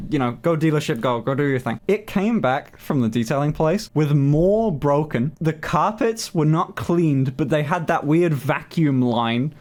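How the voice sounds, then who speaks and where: A man streaming, telling a story in casual chat with lots of swearing and indignant outbursts. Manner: animated storytelling, swears often, jumps high in pitch when indignant.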